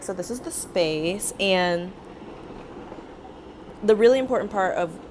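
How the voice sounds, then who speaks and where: A young woman vlogger chatting casually as she tells a story, acting out quotes with lively, dramatic flair. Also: lowish voice, slight background noise. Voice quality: animated, dramatic retelling with acted-out quotes.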